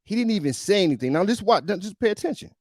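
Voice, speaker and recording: A man's voice: sits high, very animated, fast, no room sound, studio quality. A male podcast host giving emphatic, preachy reaction commentary on a video, often repeating himself.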